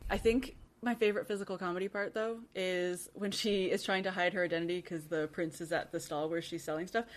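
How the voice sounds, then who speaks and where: A woman's voice: fairly low pitch, fairly even intonation, fairly quick. A woman co-hosting a podcast in casual chat, chatty and full of fillers, often trailing off mid-thought. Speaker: podcast co-host.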